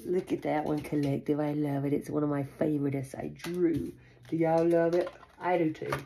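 A woman's voice: low voice, level tone, normal speed, creaky, mellow. A woman doing a casual tarot reading for her viewers, chatty and reassuring, repeating herself often. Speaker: tarot reader. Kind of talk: casual spiritual card reading to camera. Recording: noisy home recording.

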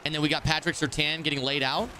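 Brash male streamer, slightly high, bright voice; excitable live game commentary with trash talk. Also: fast talker, a little hiss or hum.

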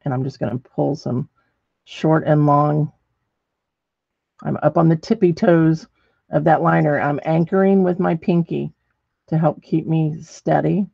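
Gravelly middle-aged woman instructor, chatty demo host, dry muffled recording. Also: sits low, steady tone, measured pace, pauses often, no room sound. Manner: chatty, thinks aloud while working, many ums. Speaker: ceramics painting instructor. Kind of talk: live painting demonstration.

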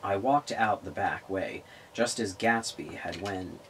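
A man's voice: low voice, slow, a bit bright, a little hiss or hum, low-quality recording. A man reading a novel aloud, stumbling over words and restarting lines. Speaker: reader of a novel on a public access show.

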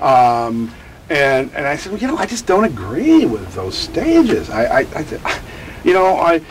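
A man who teaches about grief, answering interview questions in an animated, digressive way and acting out quotes. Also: on the high side, unhurried, a little hiss or hum, poor audio. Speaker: grief educator.

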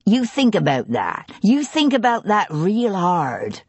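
A woman narrator voicing a gruff, stocky, scarred male tavern keeper and ex-soldier with a West Country accent, in a surly, taunting manner. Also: mid-range voice, wildly swooping pitch, takes it slowly, dry recording, heavily acted. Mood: menacing. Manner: surly, taunting, clipped dialect.

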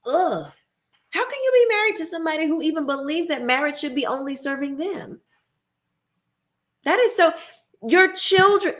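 A woman's voice: high-pitched, a bit bright. A woman hosting her own show, giving an emphatic, preachy opinion monologue and mocking the people she quotes. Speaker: host.

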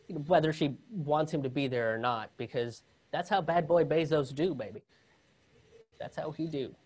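A man's voice: mid-range voice, a little mellow. A man doing a stand-up comedy set, sarcastic and laughing at his own jokes.

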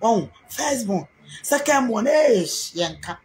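A Ghanaian businesswoman speaking with a Ghanaian accent in a heated, animated rant to camera, repeating herself for emphasis. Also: a little high, slow pace, slight background noise. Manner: animated, repetitive, mixes Twi and English.

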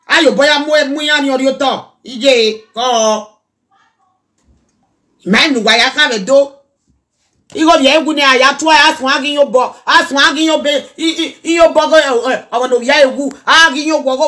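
A woman with a Nigerian accent giving an animated reaction rant in Pidgin, now and then breaking into song. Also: high-pitched. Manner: animated, preachy, mixes Pidgin and local language, breaks into song.

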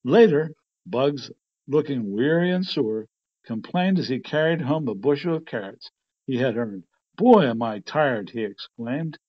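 A man reading a children's storybook aloud in plain, steady narration. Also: medium pitch, a little slow, lo-fi sound. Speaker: storybook reader.

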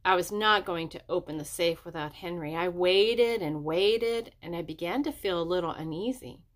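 A woman reading a children's chapter book aloud, raising her pitch for the children's dialogue. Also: moderate pace. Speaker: audiobook reader. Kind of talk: storybook narration.

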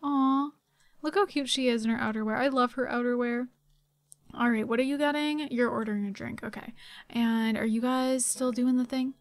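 A bubbly young woman chatting through her gameplay, gasping and giggling as she goes. Her voice sits on the higher side, recorded close and dry with no room sound. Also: moderate pace, no echo. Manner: excitable and chatty, gasps and giggles often. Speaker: gaming channel host. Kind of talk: casual gameplay commentary.

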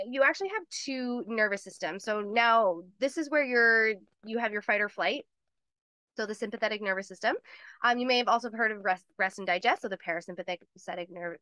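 A woman giving a live webinar lesson in a bright, clear voice that sits a little high. She talks fast and chatty, laughing often and slipping into playful voices to make her points. The sound is close and dry from a computer mic, with no room around it. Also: dry recording. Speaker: course host.

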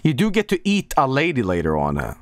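A man's voice: medium pitch, wildly swooping pitch, fast talker, dry recording. A man streaming a game, rambling and sardonic in casual commentary, laughing often.

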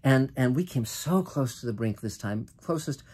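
Older American man, mid-pitched, earnest and impassioned solo monologue, restarts often. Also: lively intonation, darkish tone, husky. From United States. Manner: earnest and impassioned, with frequent restarts and drawn-out emphatic phrases. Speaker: host. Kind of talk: political monologue to camera.

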